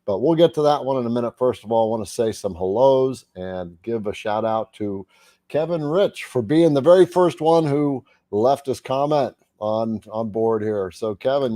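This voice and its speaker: A man's voice: medium pitch, lively intonation, moderate pace, dark tone, no room sound. A man hosting a casual livestream, chatting and greeting viewers by name. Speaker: livestream host.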